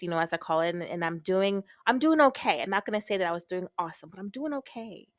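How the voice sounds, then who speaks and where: A woman's voice: mid-range voice, fairly even intonation, fairly quick, dry recording, studio quality. A woman guest on a podcast telling a personal story frankly and expressively, casually swearing and acting out her own past thoughts.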